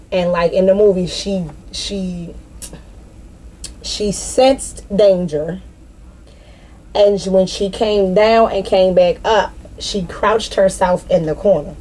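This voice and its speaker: A woman's voice: medium pitch, fairly even intonation, takes it slowly, warm tone. A woman giving a casual spiritual tarot reading straight to the viewer, rambling and swearing freely. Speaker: tarot reader.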